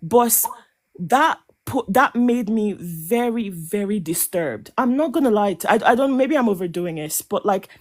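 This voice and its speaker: Woman panel guest, impassioned live commentary, halting restarts, emotional edge, mid pitch. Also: lively intonation, a little mellow. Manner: emphatic, halting with many restarts and stammered repeats. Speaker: panel guest on a reality show podcast.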